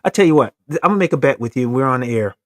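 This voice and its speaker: A man's voice: medium pitch, lively intonation, rapid-fire, no room sound, clean studio sound. Laughing man talking sports trash. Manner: laughing, playful trash talk. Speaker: sports show co-host. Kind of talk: casual sports talk.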